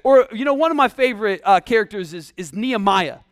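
A man delivers a church sermon in a lively, talky style, often tossing rhetorical questions to the room. His voice sits fairly high for a man. The sound is dry and close, with little room echo. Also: a little fast. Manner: animated, conversational preaching with rhetorical questions. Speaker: pastor. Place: church sanctuary.

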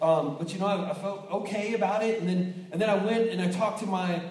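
A man's voice: sits high, a little fast. A man preaching a sermon as a pastor, telling stories with acted quotes and frequent restarts. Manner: storytelling with lively acted quotes and many restarts. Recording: echoey hall, distant mic.

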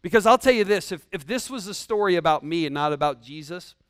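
A man's voice: high-pitched, animated, fast talker, a bit bright, smooth, dry recording. A man preaching a sermon in a casual, humorous way, with slang asides to his congregation. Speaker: pastor.

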